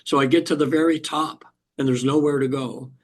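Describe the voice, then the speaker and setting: An older man, a hypnotherapist guest, tells a personal story in an interview, halting with frequent restarts and throat clearing. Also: a little high, fairly even intonation.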